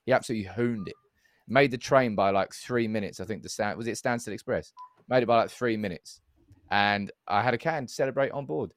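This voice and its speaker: A man co-hosting a podcast, telling anecdotes in animated, casual banter and swearing freely. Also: fairly low pitch, quick pace, dry recording, clean studio sound. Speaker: podcast co-host.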